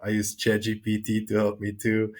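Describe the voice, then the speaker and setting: A man's voice: lowish voice, monotone, moderate pace, a little mellow. A man guest on a podcast describing his first triathlon in a plain, matter-of-fact way. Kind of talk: casual podcast chat.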